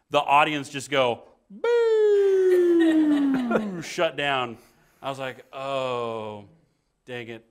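Animated male improv panelist. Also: a little high. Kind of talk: conversational panel talk.

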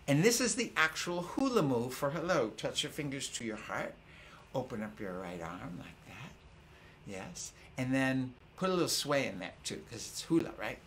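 A man's voice: medium pitch, expressive, normal speed, fairly bright tone, slightly rough. An older man hosting a family concert, patiently teaching children simple greetings in call-and-response. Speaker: children's singer and concert host.

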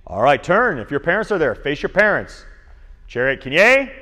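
A man's voice: fairly high pitch, moderate pace, big-room sound. A man teaching an online martial arts class for kids, explaining kicks and calling out commands. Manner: energetic, calls out commands to kids.

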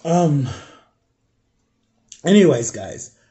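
A man with a stuffed-up nose, talking in a halting, rambling way while eating on camera at home for his vlog. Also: a little high, sing-song, warm tone. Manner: rambling, halting, searching for words. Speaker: vlogger. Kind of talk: casual confessional vlog.

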